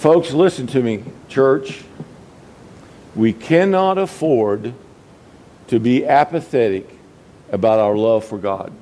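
A middle-aged man, a Baptist pastor, preaching a sermon and swinging between quiet low passages and high, emphatic peaks. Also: expressive, slow, pauses often, rough recording.

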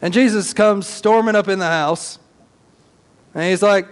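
A male pastor preaching a sermon as animated storytelling with casual slang. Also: high-pitched, unhurried, in a large hall.

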